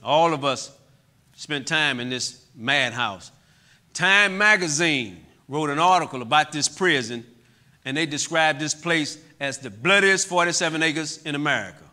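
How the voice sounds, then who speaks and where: A middle-aged man giving an impassioned testimony talk to a church audience, moving between loud outbursts and quiet, heavy moments. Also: on the high side, animated, a little slow. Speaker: guest speaker. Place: church hall.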